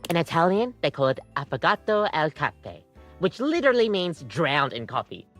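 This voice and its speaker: An actress voicing a cheerful, slightly awkward Australian barista who is a coffee machine, speaking in bubbly service patter over game music. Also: female voice, deep voice, very animated, normal speed, fairly bright tone. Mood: chipper. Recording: game audio with background music.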